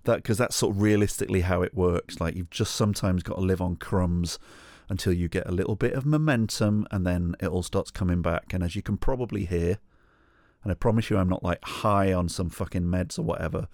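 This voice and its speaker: A man's voice: sits low, a little fast, gravelly, darkish tone, no echo, studio quality. A middle-aged man hosting a solo podcast, telling a rambling, sweary, self-mocking story. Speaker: podcast host.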